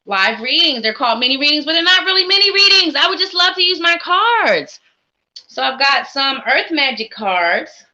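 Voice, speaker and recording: A woman's voice: sits high, animated, moderate pace, sharp tone, highs cut off. A woman hosting a live psychic reading stream, talking in an upbeat, encouraging, chatty way. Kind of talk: casual live-stream chat.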